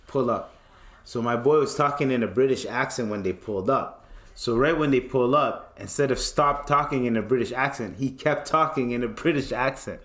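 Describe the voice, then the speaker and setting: A man's voice: mid-range voice, fairly bright tone. A young man, hosting a podcast and telling a loose, profane story while acting out the voices of the people in it. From Canada. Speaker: podcast host. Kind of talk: casual storytelling. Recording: roomy echo.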